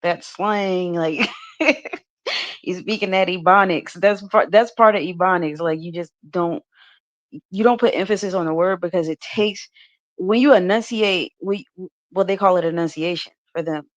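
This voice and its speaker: A woman's voice: fairly low pitch, normal speed, dull audio. Chatty American woman with lots of fillers. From United States. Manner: talkative, many restarts and "like" fillers, laughs often. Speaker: podcast co-host. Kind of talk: casual podcast chat.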